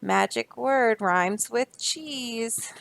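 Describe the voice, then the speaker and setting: A young woman reads a children's picture book aloud, breaking off for chatty, easygoing explanations. Her voice carries a gravelly fry, and she speaks slowly and patiently. The recording is close and dry. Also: a little high, no room sound. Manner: explaining, chatty asides, soft laughs. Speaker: storybook reader.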